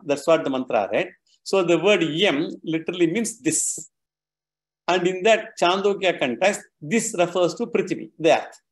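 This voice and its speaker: Higher-voiced man teaching a scripture class. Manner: repeats and restarts words, patient step-by-step explaining. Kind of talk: explanatory lecture.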